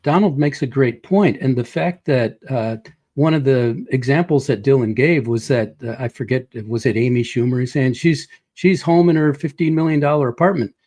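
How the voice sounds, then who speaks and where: A man on a podcast panel makes his points in a measured, emphatic way. His tone is mellow and dark, at a middle pitch. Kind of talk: casual podcast chat.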